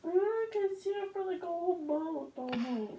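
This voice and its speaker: A woman chatting casually and softly, teasing. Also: very high voice, animated, normal speed, highs cut off. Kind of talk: casual chat. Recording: roomy, off-mic with noise.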